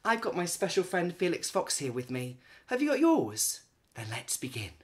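A woman reading a children's picture book aloud, expressive, with dramatic pauses and hushed gasps. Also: on the low side. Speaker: children's storyteller.

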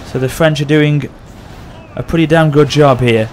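A man hosting a gaming channel, excitedly commentating a battle over gameplay and often addressing his audience. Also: on the high side, normal speed, a little hiss or hum.

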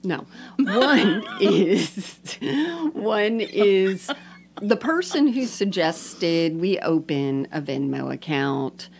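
A woman's voice: lowish voice, animated, drawn-out words, vocal fry. A woman co-hosting a podcast in loose, casual chat. She jokes around and laughs often while she talks. A faint hum sits under the recording. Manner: playful, jokey, laughs often. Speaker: podcast co-host.

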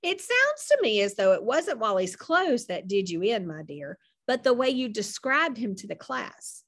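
A level-headed mother with a dry sense of humor, read by a woman narrator. She talks calmly and gently, her pitch still moving freely in storybook fashion. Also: normal speed, full character voice. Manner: calm, gently wry.

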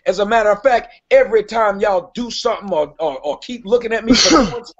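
Brash high-voiced man ranting. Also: fast. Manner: brash, mocking, confrontational. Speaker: live stream host. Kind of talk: profane live-stream rant. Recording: lo-fi stream audio.

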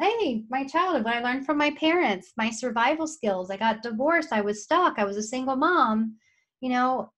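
Speaking in a fairly high voice, a middle-aged occupational therapist delivers an animated, chatty coaching talk to camera. She acts out the inner voices of her clients.

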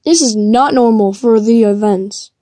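A woman's voice: on the high side, measured pace, mellow, dry recording, clean studio sound. A woman commenting on her own gameplay, puzzled and chatty, breaking into shrieks and laughter when she is chased. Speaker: gamer streaming live play.

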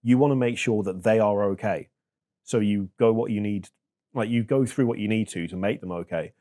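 A man in his thirties, a podcast guest talking in a reflective, halting way with many fillers. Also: on the low side, dark tone. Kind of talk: casual chat.

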